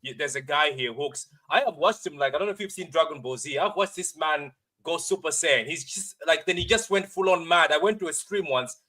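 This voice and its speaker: A man telling an animated story in a casual panel chat, playfully mock-outraged. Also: a little high, brisk, hardly any pauses. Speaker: panel guest, YouTuber.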